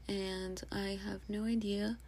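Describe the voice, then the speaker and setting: A woman's voice: medium pitch, level tone, takes it slowly, a little mellow. A young woman hosting a casual solo podcast, rambling and chatty with plenty of asides. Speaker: podcast host.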